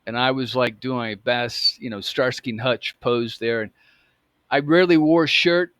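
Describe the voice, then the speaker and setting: A man's voice: mid-range voice, normal speed, fairly bright tone, smooth, dry recording. Man, fifties, casual storytelling, rambling, self-correcting, dry close recording. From United States. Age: 50s. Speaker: vlogger.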